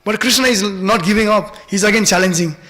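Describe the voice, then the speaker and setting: A man's voice: high voice, brisk, pushed and bright. A man giving a devotional scripture class in a temple hall, telling stories with many fillers and acting out the voices.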